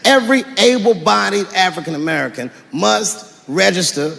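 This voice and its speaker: A man doing stand-up comedy before a live audience, deadpan and profane, with drawn-out punchlines. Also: high-pitched, vocal fry. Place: stage in a large hall before a live audience. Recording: echoey hall, crowd noise. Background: audience laughter and murmur.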